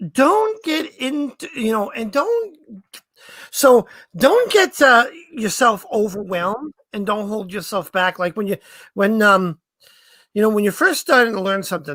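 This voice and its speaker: A woman's voice: mid-range voice, a bit bright, dry recording. A woman hosting a stream, giving a chatty, encouraging tarot reading with lots of fillers. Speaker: tarot reader and stream host.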